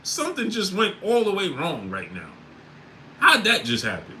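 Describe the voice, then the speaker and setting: A man hosting a casual sports livestream, reading out chat names and breaking into loud disbelief. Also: high voice, huge pitch swings, normal speed, slight background noise, low-quality recording.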